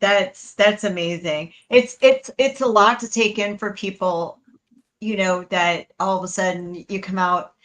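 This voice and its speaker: A woman's voice: mid-range voice, measured pace, fairly bright tone, low-quality recording. A woman co-hosting a paranormal talk show, chatty and laughing easily. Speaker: co-host. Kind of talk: casual talk show chat.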